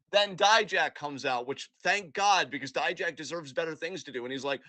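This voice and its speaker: Bright, animated male podcast host. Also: on the high side, moderate pace, few pauses, no echo. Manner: animated, profane, acts out imagined dialogue. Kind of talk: casual chat.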